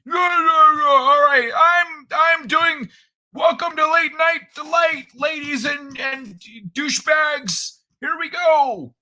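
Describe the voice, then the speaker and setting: A man putting on shouty cranky old man. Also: extremely high pitch, slow, voice pushed up, heavily acted. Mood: grumbling. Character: cranky loud old man, grumbling, self-important. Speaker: streamer's recurring character. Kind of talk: live-stream improv character.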